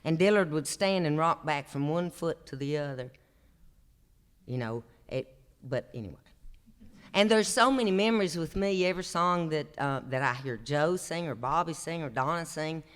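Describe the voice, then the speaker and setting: Appalachian storyteller in his sixties, slightly high, smooth voice, drawling homespun delivery on stage. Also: moderate pace, a bit bright. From Appalachian North Carolina. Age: 60s. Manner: drawling, homespun, chuckles through his stories. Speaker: traditional singer and storyteller. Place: opera house stage, live show.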